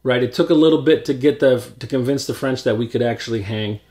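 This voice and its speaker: A man's voice: mid-range voice, a little mellow. American man, podcast co-host, chatty, jokey, casual discussion. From United States. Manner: chatty, quick to joke and interject.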